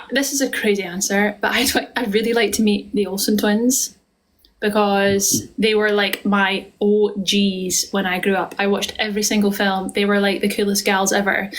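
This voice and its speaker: A woman with a Scottish accent, hosting a casual live stream and chatting affectionately with viewers as she answers their questions. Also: medium pitch. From Scotland. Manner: chatty and affectionate, calls viewers darling and lovely. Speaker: live-stream host and musical theatre performer.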